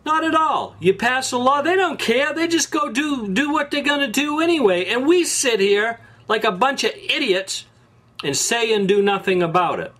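A man's voice: extremely high pitch, expressive, moderate pace, fairly bright tone. A man hosting a show, delivering an angry, sarcastic political rant with repeated restarts and rising outbursts. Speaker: host. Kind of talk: political opinion monologue.

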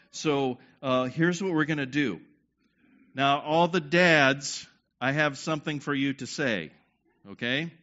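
A man's voice: medium pitch, pushed and bright. A man preaching a sermon, leading the congregation through a group exercise and checking in with them often. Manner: leads the crowd with repeated "okay?" checks. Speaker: pastor. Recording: dull lo-fi sound.

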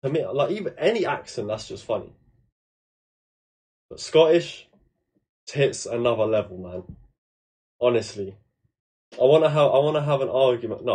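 A man's voice: on the low side, a little mellow, breathy edge. Casual man hosting a reaction video. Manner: chatty, laughing, swears freely.

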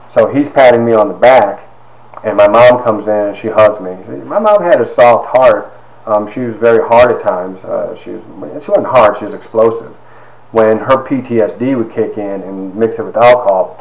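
A man in his fifties giving a personal testimony, halting with fillers and acting out quoted dialogue. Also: on the low side, a little mellow. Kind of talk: personal storytelling talk. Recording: roomy echo.

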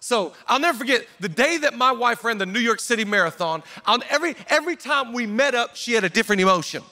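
A male pastor preaching a conference sermon, telling a personal story and breaking into shouted exhortations. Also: very high-pitched, animated, fast talker.

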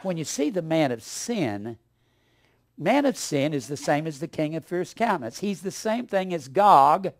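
Gravelly older man preaching fiery scorn. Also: on the high side, very animated, a little slow. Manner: scornful, ranting, swings from mutters to shouts. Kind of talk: fiery sermon.

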